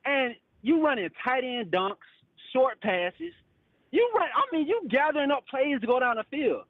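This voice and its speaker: A man's voice: very high-pitched, sing-song, moderate pace, no echo, narrow, tinny audio. A male caller on a call-in show, ranting in frustration, swearing and repeating "bro" and "literally.". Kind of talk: heated call-in rant.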